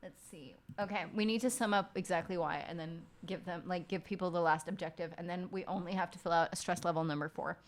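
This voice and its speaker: A woman's voice: fairly low pitch, steady tone, quick pace, hardly any pauses. A young woman streamer chatting casually and frankly late at night, swearing often and rambling through stories.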